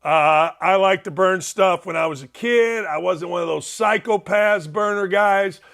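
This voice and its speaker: A male show host giving casual, blunt, wisecracking reaction commentary on viral clips, now and then shouting in disbelief. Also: high-pitched, measured pace, creaky.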